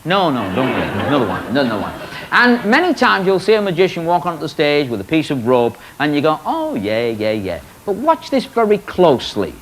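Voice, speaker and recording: A man's voice: a little high, a little fast, hardly any pauses, low-quality recording. A man hosting a magic show, bantering in comic stage patter before a live audience. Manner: teasing, animated showman banter. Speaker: magician host. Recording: studio audience laughter and noise.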